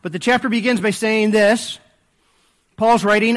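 A male pastor preaching a sermon in a conversational way, with frequent fillers and restarts, and praying in a softer voice. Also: sits high, fairly even intonation, moderate pace. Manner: conversational preaching with frequent fillers, dropping to a soft hush in prayer.

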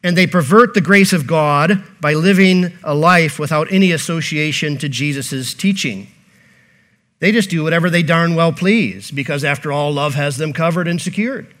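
High-voiced earnest male preacher. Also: moderate pace, fairly bright tone. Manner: earnest, repeats phrases and poses rhetorical questions to the congregation. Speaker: pastor. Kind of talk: sermon.

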